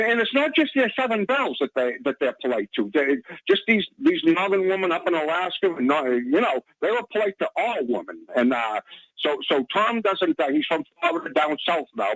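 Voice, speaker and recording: A male caller rambles through a radio call-in, stumbling over words and restarting sentences again and again. His voice sits high and swings widely in pitch. The line is dry and muffled, like a lo-fi phone. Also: sing-song, brisk, vocal fry, fairly bright tone, no room sound. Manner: rambling, stammering, many restarts. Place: Boston area.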